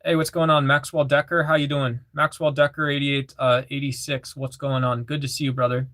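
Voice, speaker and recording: A man's voice: medium pitch, little pitch movement, brisk, a bit bright, dry recording. A man casually chatting on a livestream, reading chat messages aloud and repeating phrases, with lots of fillers.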